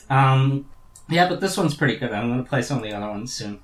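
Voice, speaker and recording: A man's voice: mid-range voice, expressive, fairly quick. A man co-hosting a podcast, chatting casually and hesitantly with many fillers. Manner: hesitant, with many ums and uhs. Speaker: podcast co-host. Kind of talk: casual chat. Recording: echoey room.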